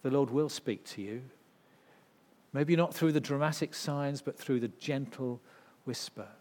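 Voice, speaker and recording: A man preaching a sermon, swinging from loud, intense passages to hushed ones. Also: mid-range voice, unhurried. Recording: long reverb of a hall.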